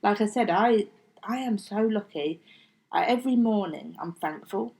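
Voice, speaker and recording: On a poorly recorded podcast, a middle-aged woman guest tells her story chattily in a mid-range, gravelly, warm voice at normal speed. She's expressive, acts out what people said, and sometimes drops to a near-whisper, casual interview storytelling.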